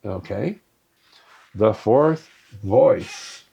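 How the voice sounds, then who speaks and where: A man's voice: fairly low pitch, lively intonation, extremely slow, vocal fry, dark tone, breathy edge. A man giving a conversational spiritual teaching on a live stream, often checking in with "right?" and answering viewer comments. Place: live stream to an online audience.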